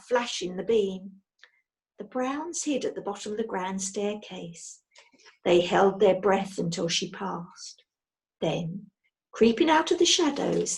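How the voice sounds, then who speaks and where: A woman reading a children's storybook aloud in a lively, expressive way. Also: medium pitch. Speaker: storybook reader.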